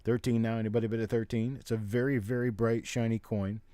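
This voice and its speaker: A man's voice: mid-range voice, flat delivery, dark tone, clear, resonant tone, no room sound. Man rattling off bids at a live coin auction. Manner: rapid, repetitive bid calling mixed with joking chat. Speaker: auctioneer and show host.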